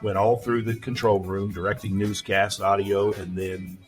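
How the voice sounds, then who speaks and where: A man's voice: on the low side, level tone, moderate pace, over music. A man in his sixties from West Texas, a veteran news anchor telling stories from his career in a casual interview, in neutral broadcaster diction.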